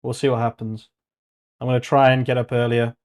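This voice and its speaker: A young man talks to himself while he works through a coding session, thinking aloud in a loose, offhand way. He drops casual swears between muttered remarks, and his voice sits at an ordinary middle pitch. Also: little pitch movement, a little fast, a little mellow. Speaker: vlogger coding on stream.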